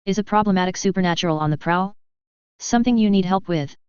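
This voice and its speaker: A woman's voice: medium pitch, fast, a little mellow, clear, resonant tone, dry recording, natural voice. A woman reading the lines of an easygoing male lord who talks in a casual, offhand way, on slightly dull lo-fi audio. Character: easygoing male lord, police captain's boss.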